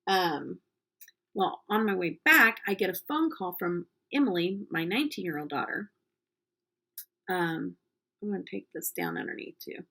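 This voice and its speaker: Middle-aged woman vlogging her makeup, low gravelly voice, rambly story with lots of ums. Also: expressive, moderate pace, pushed and bright. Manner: chatty storytelling with many ums. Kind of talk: casual chat while doing makeup.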